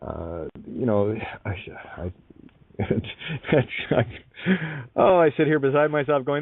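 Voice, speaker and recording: A man's voice: medium pitch, sing-song, normal speed, no echo. A man hosting an internet radio show, talking bluntly with swearing, laughing and restarting as he goes. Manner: blunt, profane, emphatic. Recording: tinny phone-like sound, dry.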